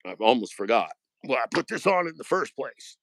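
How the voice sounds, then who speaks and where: A man chats loosely on his live stream in a gravelly voice. He wanders, jokes and restarts his sentences. The sound is dry and close, with no room tone. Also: mid-range voice, big pitch swings, fairly quick, a bit bright, dry recording. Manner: rambling, joking, trails off and restarts. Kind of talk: rambling casual live stream chat.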